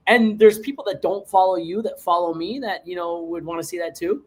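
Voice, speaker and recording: Profane, animated Canadian man hosting. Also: a little fast. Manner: profane, animated storyteller with big pitch swings. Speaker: podcast host. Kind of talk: casual chat.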